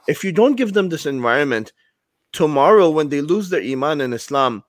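A man's voice: on the high side, expressive, brisk, dry recording. A man of Pakistani background, a podcast host and volunteer imam, earnestly retelling points from his sermon in casual conversation.

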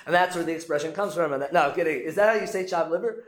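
A man hosting a casual talk, retelling a story in a lively, joking way. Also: on the high side, racing, roomy sound. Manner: lively, jokey retelling with acted quotes. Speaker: host. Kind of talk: casual storytelling on the weekly portion.

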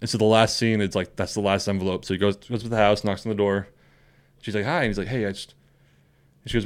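A young man with a fairly low voice chats casually as a podcast co-host. He tells long, rambling stories and laughs easily along the way. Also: level tone, quick pace, clear, resonant tone. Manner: rambling storyteller, laughs often. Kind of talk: casual chat.

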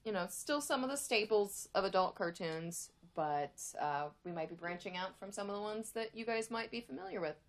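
A woman's voice: medium pitch, animated, moderate pace, few pauses. A young woman co-hosting a podcast in casual chat, thoughtful and rambling. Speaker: podcast co-host.

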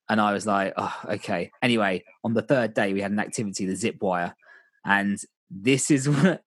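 Husky man telling stories. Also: lowish voice, no room sound. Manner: candid, rambling, restarts sentences. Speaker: volunteer youth coach. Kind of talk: casual storytelling chat.

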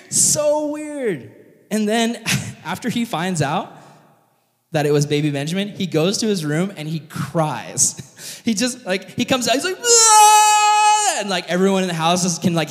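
In a church hall, a man with a fairly high pitch gives a light-hearted, relaxed sermon. Retelling a Bible story, he jokes animatedly and fills his speech with fillers.

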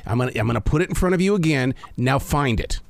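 A man's voice: medium pitch, expressive, fast talker, gravelly, dry recording. A man hosting a podcast who speaks in an upbeat, encouraging way. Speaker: podcast host. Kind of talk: casual interview.

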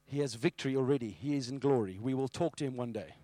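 A man preaching a sermon with animated storytelling. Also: medium pitch, quick pace, no room sound. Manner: animated storytelling, acting out scenes.

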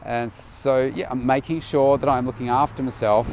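A man's voice: mid-range voice, fairly even intonation, normal speed, darkish tone, slight background noise. A tired man casually recording an audio diary outdoors, rambling loosely with many fillers and restarts. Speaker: vlogger.

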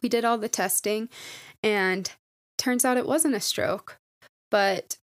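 A woman's voice: medium pitch, takes it slowly, pauses often, dry recording. Candid young woman podcaster, dry sound. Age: 20s. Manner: candid, reflective, filler-heavy with lots of "like". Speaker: podcast host. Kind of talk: casual solo podcast storytelling.

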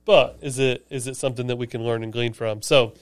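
A man's voice: medium pitch, steady tone, fairly quick, clear, resonant tone, dry recording. A man co-hosting a church podcast, chatting casually and enthusiastically about a sermon. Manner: conversational, enthusiastic, explains with asides. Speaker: podcast co-host, church staff.

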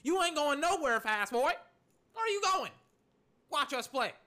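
A man's voice: very high-pitched, very animated, normal speed, bright, forceful tone, pitched above the performer's own voice, heavily acted. A man voicing a group of young male football players who taunt a rival with brash, mocking trash talk.

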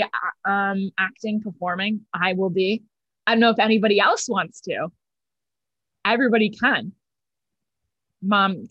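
A woman's voice: medium pitch, no room sound, highs cut off. A nineteen-year-old woman hosting a comedy club video call and doing a self-mocking stand-up bit over her laptop mic. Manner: chatty, self-mocking, exaggerated deadpan bragging. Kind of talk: casual chat and stand-up set.

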